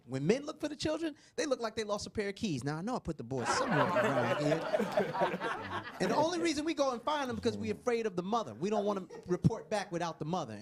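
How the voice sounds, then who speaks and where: A man in his forties telling a stand-up joke in a relaxed storytelling way. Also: sits high, heavy background noise. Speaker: stand-up comedian. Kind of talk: stand-up comedy bit.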